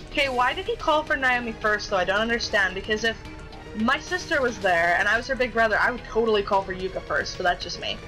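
A woman's voice: mid-range voice, fast talker, over music, rough recording. A young woman playing a game and reading its dialogue aloud, chatty and dramatic, swearing casually as she reacts. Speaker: gaming YouTuber.

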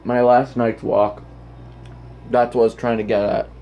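A man's voice: level tone, normal speed, muffled recording, slight background noise. A man holding a phone camera and delivering a rambling vlog rant. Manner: rambling, jumps into loud squeaky quoted voices. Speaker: vlogger. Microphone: handheld phone camera.

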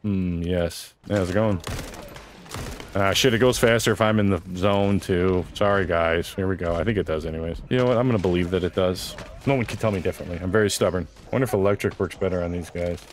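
A man runs casual commentary over his gameplay in a lowish voice. He cracks self-deprecating jokes as he plays. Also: brisk, slight background noise. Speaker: gaming video host.

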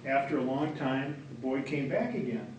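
Male reader, steady story narration, caught from afar in a reverberant room. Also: medium pitch, normal speed, slight background noise. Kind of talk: storybook narration read aloud. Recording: echoey room from far off.

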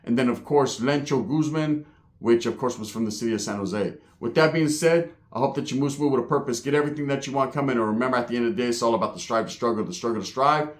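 A man's voice: medium pitch, fast. Guy w the sniffles, slangy storytelling, curses a lot, does the voices. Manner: street slang, swears often, acts out quoted voices. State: has the sniffles. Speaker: channel host. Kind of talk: casual storytelling monologue.

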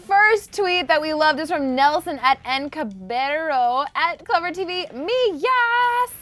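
An excitable woman co-hosting an entertainment show. She has a high voice with very lively pitch as she gushes about a sitcom. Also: a little slow. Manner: excitable, gushing. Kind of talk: excited pop culture chat.

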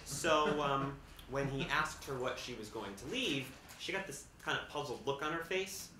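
A man's voice: medium pitch, moderate pace, bright, forceful tone. A man performing a comic stage monologue in a theater, sardonic and full of character voices. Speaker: stage actor in a one-man show. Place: theater stage with live audience. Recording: roomy theater sound with noise.

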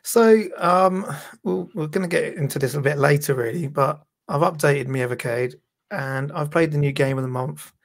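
A man sits on a live podcast panel and rambles along in a laid-back, easygoing way. His voice is a touch higher than average and has a gravelly rasp. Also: moderate pace. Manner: relaxed, rambling, laughs easily. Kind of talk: casual live-stream chat.

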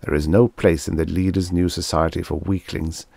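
Blustering male war zealot, read by a deep man, contemptuous and snappish, gravelly low voice. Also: level tone, normal speed, a little mellow, dry recording. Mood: scornful.

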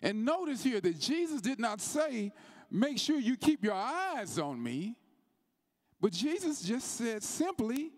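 A man preaching in a church sanctuary, his fairly high voice swinging widely in pitch. He speaks slowly and deliberately, and the sound carries a long hall reverb. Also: huge pitch swings. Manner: starts low and measured, building to a rising, chanted, shouting preach. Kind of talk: sermon.

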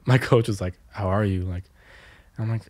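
Low-voiced young man telling stories. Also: fairly even intonation, brisk, darkish tone, dry recording. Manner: rambling, many "like" fillers, laughs through stories. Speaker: podcast co-host. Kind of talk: casual storytelling chat.

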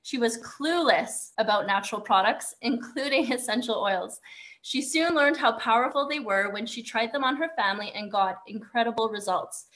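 A woman's voice: a little high, moderate pace, fairly bright tone. A woman host on a group call reading an upbeat introduction for the next speaker.

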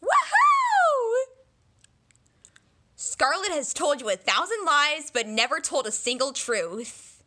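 A woman's voice: sits high, animated, a little slow, sharp tone. A woman doing a comedic parody dub of a dragon story, voicing every character herself with silly voices, shrieks and mutters. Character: cast of young dragons in a parody. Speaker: solo fan dubber voicing every character.

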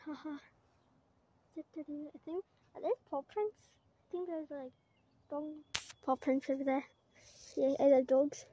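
A woman's voice: high voice, measured pace, long pauses, mellow. A woman vlogging outdoors while climbing, rambling with many fillers and giggles, putting on a mock British-Australian accent. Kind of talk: casual rambling vlog.

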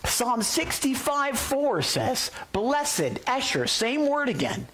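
Excitable husky-voiced male pastor. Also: very high-pitched, slow. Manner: excitable and emphatic, often rising to near-yelling. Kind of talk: sermon. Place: church, relayed to listeners by phone and online.

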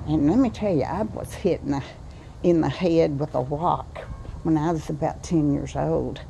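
Older woman, slow homey vlog chat, mellow low voice, faint outdoor hum. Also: gravelly. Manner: slow, homey Southern talk, says "y'all". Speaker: vlogger. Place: outdoors by a cottage patio.

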